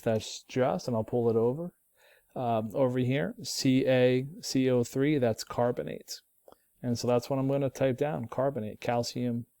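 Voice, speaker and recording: A relaxed man walks through a chemistry lesson, often pausing with ums and starting lines over. His voice is mellow and dark. It is recorded close up and dry, with no room sound. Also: medium pitch, clean tone, no echo. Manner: relaxed, thinking aloud with many ums and restarts. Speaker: chemistry teacher.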